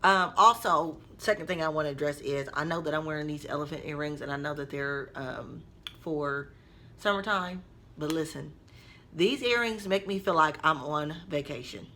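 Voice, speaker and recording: Bright, chatty woman vlogger. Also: deep voice, normal speed, a little hiss or hum. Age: adult mother. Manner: chatty, expressive, addresses viewers directly. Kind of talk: casual storytime vlog.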